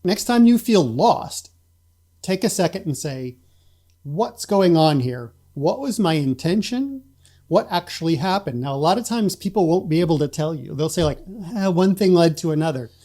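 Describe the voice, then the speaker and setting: A man appearing as a guest coach, explaining ideas in a thoughtful, steady way during an interview. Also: fairly high pitch, moderate pace. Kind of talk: casual interview chat.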